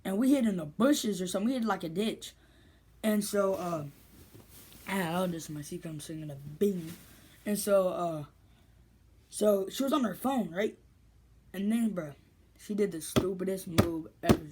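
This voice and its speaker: A woman's voice: fairly low pitch, normal speed, long pauses, a little mellow, slight background noise. A woman vlogger telling a story in casual, rambling, slangy speech with lots of restarts.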